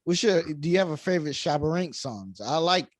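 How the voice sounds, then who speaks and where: A man hosting a podcast, chatting in a relaxed, enthusiastic way. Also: a little high, a little fast, no echo, clean studio sound. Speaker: podcast host. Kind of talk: casual conversation.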